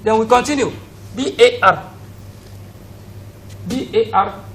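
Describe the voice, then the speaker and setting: A man's voice: sits high, slow pace, a bit bright, recorded from a distance, a little hiss or hum, rough recording. A man with a Nigerian accent teaching an English lesson. He drills pronunciation by asking questions and repeating each word. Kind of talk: recorded classroom lesson for students at home.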